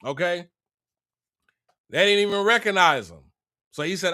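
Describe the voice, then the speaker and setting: High bright slangy man storyteller. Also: unhurried. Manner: slangy, animated, profane. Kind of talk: casual retelling of a Bible story.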